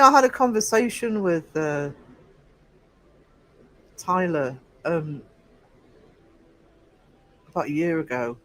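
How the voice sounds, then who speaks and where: This livestream host, an Englishman with a Northeast accent, has a high, fairly bright voice. He rambles casually through viewer comments, teasing the chat and dropping in fillers often. The rough recording carries a little hiss or hum.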